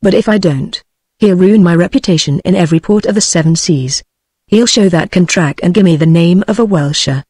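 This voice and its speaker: A woman's voice: lowish voice, moderate pace, warm tone, slightly rough, no room sound, clean studio sound. Panicky old sailor, read by a British female text-to-speech voice. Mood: wailing. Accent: British English. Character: panicked old male sailor, whining and desperate.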